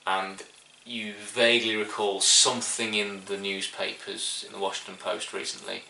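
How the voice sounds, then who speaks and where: A man acting as game master narrates a tabletop game hesitantly, full of "sort of" and restarts. His lowish voice is gravelly, monotone, pushed and bright, at a moderate pace. The mic sits at a distance in an echoey room.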